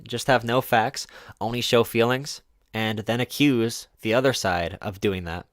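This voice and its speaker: A man's voice: mid-range voice, a little slow, dry recording, clean studio sound. Sarcastic man mocking a clip. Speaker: streamer reacting to a clip. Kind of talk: casual live-stream commentary.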